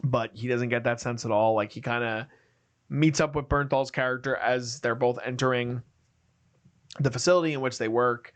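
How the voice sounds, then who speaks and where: A man co-hosting a film review podcast, talking casually and acting out movie scenes with quick quoted voices. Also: medium pitch, steady tone. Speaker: podcast co-host.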